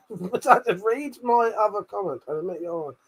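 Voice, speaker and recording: A man's voice: high voice, expressive, moderate pace, a bit bright, husky. An English man hosting a live stream in casual chat, swearing often and gloating at his viewers. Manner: swears a lot, mocking and gloating. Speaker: livestream host.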